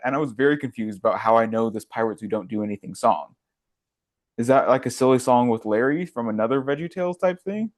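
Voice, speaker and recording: A man co-hosting a podcast in casual chat, making sarcastic jokes and laughing often. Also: medium pitch. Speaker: podcast co-host.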